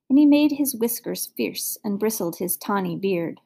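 Gravelly woman reading a fairy tale. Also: mid-range voice, normal speed. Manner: expressive storybook reading. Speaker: storyteller. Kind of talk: scripted fairy-tale narration.

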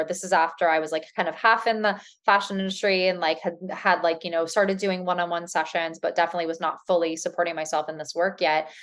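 A woman speaking in a somewhat low voice, talking freely as an interview guest. She rambles in a casual way, with many fillers and restarts. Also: fairly bright tone, clear, resonant tone. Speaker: tarot reader and author, guest.

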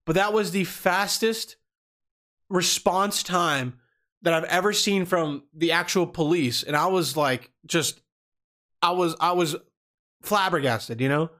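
A man with a somewhat high-pitched voice tells a personal story off the cuff. He rambles, restarts his sentences and swears a lot. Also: a bit bright. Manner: rambling, swears freely, acts out quoted people. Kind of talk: casual storytelling monologue.

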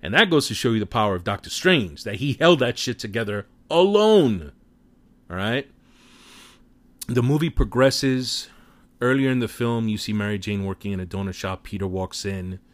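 A man casually retelling a movie plot in an animated way, with offhand swearing. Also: lowish voice, normal speed, dry recording. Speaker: film recap commentator.

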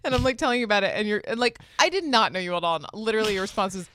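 A woman's voice: mid-range voice, rapid-fire, fairly bright tone. A young woman co-hosting a casual podcast, giggly and flustered, often squealing with laughter. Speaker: podcast co-host.

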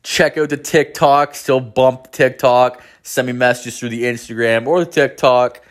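A young man hosting a casual show, telling a rambling, profane story in an animated way. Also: mid-range voice, a little slow. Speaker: podcast host.

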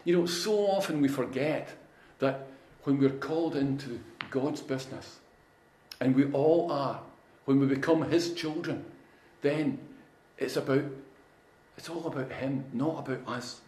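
A man's voice: mid-range voice, measured pace, a little mellow. A middle-aged man preaching a sermon, telling humorous stories in a folksy, conversational way. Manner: folksy storytelling with humorous anecdotes. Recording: echoey room.

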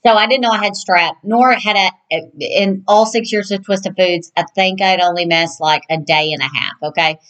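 A woman's voice: medium pitch, steady tone, normal speed, hardly any pauses, a bit bright, poor audio. A woman co-hosting a podcast, telling stories in a chatty, rambling way. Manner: chatty, rambling, restarts often. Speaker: podcast co-host. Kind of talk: casual storytelling chat.

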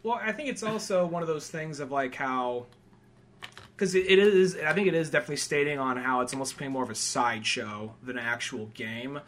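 A young man hosting a podcast, chatting casually about a film, rambling with lots of fillers and loudly acting out quotes. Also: medium pitch, a little fast. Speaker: podcast host. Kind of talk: casual film review chat.

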